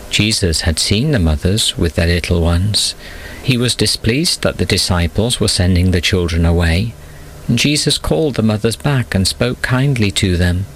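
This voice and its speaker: A man with a low voice reads a children's Bible story aloud. His delivery is calm and measured, the steady pace of a storyteller. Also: a little hiss or hum, rough recording. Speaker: narrator.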